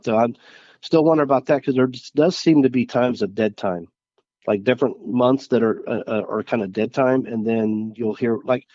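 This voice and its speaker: A man from Missouri, a guest on an interview podcast, recounting experiences in a halting, earnest way with frequent restarts. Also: medium pitch, a little mellow, no echo, dull audio. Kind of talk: casual interview chat.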